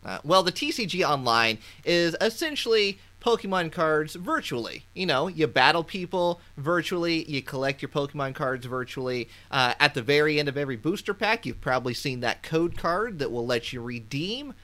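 Podcast host guy, bright voice, bouncy, music behind. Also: a little high, moderate pace, hardly any pauses. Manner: lively, laughing, explains news playfully. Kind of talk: casual podcast chat.

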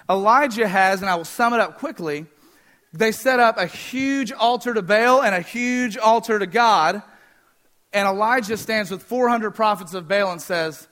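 A man preaching a sermon, fast-talking, energetic and joking with the congregation. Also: high-pitched. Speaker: pastor.

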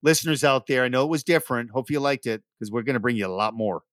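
A male podcast host chats in a relaxed, enthusiastic, talkative way on a casual show. His voice is medium-pitched and fairly bright, he speaks quickly, and the clean studio recording has no room sound.

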